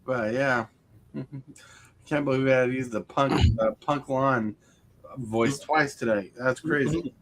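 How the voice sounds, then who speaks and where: Chatting casually on a live stream from home, a man rambles, frequently starts his sentences over, and laughs at his own jokes. He speaks at a measured pace in a slightly bright mid-range voice, and there's a little background noise.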